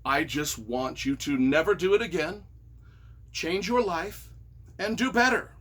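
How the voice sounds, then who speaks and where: A man's voice: on the high side, measured pace, fairly bright tone. A man, a novelist, giving casual, mock-earnest and playfully sarcastic commentary, often stumbling over his words. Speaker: novelist reading reviews of his own books.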